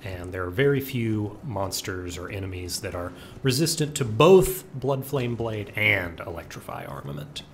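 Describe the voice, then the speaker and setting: A man casually explaining his choices while playing a video game, in a relaxed, rambling way. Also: on the low side, moderate pace, few pauses, a little hiss or hum. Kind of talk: casual gameplay commentary.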